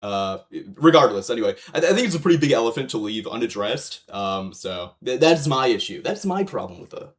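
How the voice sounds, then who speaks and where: A man's voice: mid-range voice, sing-song, fairly quick, hardly any pauses. A man streams live and reacts to a video, talking loosely and profanely. He rambles through fillers and false starts in a mid-range voice. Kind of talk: casual livestream commentary.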